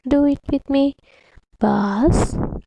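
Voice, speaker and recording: A woman teacher speaks slowly and patiently to young pupils, sounding out words syllable by syllable. Her voice sits a little high, with a gravelly edge. The sound is dry and close, with a dark, mellow tone. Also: dry recording, poor audio. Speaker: primary English teacher. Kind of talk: slow, deliberate classroom instruction to children.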